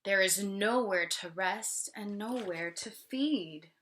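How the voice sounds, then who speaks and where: A teacher reading a picture book to young children, slowly and with pauses to ask questions. Her voice is bright and clear, and each word is spelled out patiently. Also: mid-range voice. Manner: slow, questioning, explaining. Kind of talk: read-aloud for young children.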